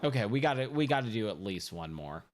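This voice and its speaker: A man's voice: fairly low pitch, sing-song, fast. A man streaming a pinball game, chatting casually and rambling, often repeating himself as he thinks aloud. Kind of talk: casual gameplay chat. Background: game music.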